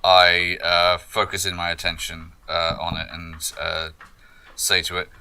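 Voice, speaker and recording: Bright-voiced man playing a tabletop game. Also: low voice, monotone, a little slow, smooth. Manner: thinks aloud, hesitant with many fillers. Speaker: player.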